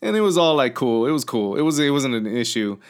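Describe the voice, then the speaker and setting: A man's voice: medium pitch, very animated, brisk, smooth. A man, co-hosting a casual podcast chat and telling a long story full of fillers and restarts, acting out what people said. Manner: rambling storyteller, acts out quotes, many fillers and restarts.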